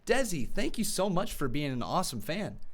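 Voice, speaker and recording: A man's voice: a little high, very animated, brisk. A man hosting a live call-in stream, chatty and friendly, laughing easily with callers. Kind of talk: casual call-in chat.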